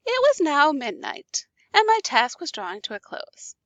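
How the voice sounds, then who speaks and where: A woman's voice: sits high, moderate pace, no room sound, highs cut off. A woman teacher reading a classic story aloud and explaining it in casual asides. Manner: animated, casual asides checking in with listeners.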